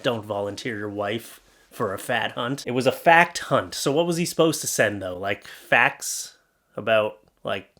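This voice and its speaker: A man's voice: fairly low pitch, a little slow, pushed and bright. A young adult man hosting a comedy commentary show, reacting to posts in a sarcastic, exasperated way and slipping into mock voices.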